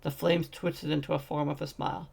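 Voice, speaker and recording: A man's voice: on the high side, level tone, a little fast, gravelly, darkish tone. A man narrating a fantasy short story as a fan audiobook, reading steadily with occasional slips.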